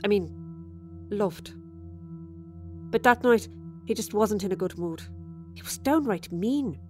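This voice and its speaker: In a slow, lively mid-range voice, a woman storyteller gives a dramatic monologue as a chatty, tipsy Irish widow confiding over dinner, with sudden flashes of resentment. Faint music plays behind her, and the mood is confiding.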